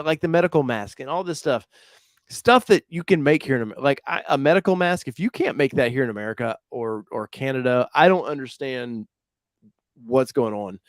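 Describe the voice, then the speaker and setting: A man's voice: mid-range voice, no room sound, clean studio sound. Man rambling in a casual live chat. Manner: rambling, self-correcting, jokey. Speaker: co-host of a car livestream.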